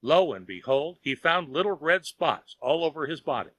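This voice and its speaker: A man narrating a children's audiobook in a lively storytelling manner. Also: fairly high pitch, normal speed, no room sound.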